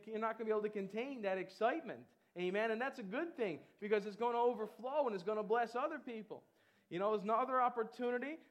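A man preaching a lively sermon, chatty with many fillers and breaking into shouted calls to the congregation. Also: sits high, highs cut off. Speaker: pastor.

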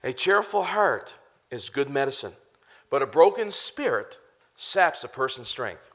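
A man in his thirties preaching a sermon to a live congregation, animated and often laughing as he talks to them directly. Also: medium pitch, measured pace. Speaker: pastor.

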